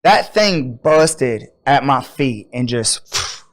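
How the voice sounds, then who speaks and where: A man on a podcast telling a story in a loose, animated, profane way and acting out the people in it. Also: medium pitch, drawn-out words. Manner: animated, profane, acts out quotes. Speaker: podcast host. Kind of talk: casual storytelling.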